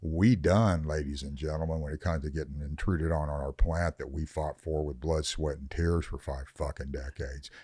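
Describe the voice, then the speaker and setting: Deep-voiced older man, blunt and profane. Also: steady tone, moderate pace, few pauses, mellow, husky, no room sound, clean studio sound. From Northern California. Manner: blunt, profane, fired-up ranting. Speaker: veteran cannabis grower guest. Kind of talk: podcast interview.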